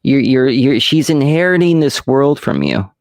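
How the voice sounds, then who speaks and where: A man hosting a casual podcast who tells stories slowly and rambles, swearing freely, recorded close and dry. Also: mid-range voice, animated, dry recording. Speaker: podcast host.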